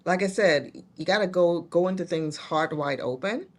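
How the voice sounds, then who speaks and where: A middle-aged woman with a lowish voice speaks at a moderate pace as a guest in a casual interview. She's a nurse executive, telling her story earnestly and restarting her sentences many times.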